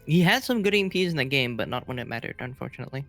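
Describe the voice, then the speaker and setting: A man with a gravelly, fry-laden voice casts a live video game match at a mid pitch. He keeps it soft-spoken and relaxed with a playful edge, over faint background music. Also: racing. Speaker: esports caster.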